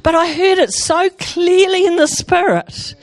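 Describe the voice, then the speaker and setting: High-voiced New woman telling a testimony. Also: measured pace, a faint crowd. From New Zealand. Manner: animated, breaks off and restarts sentences often. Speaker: speaker giving a Christian testimony. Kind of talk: storytelling testimony to an audience.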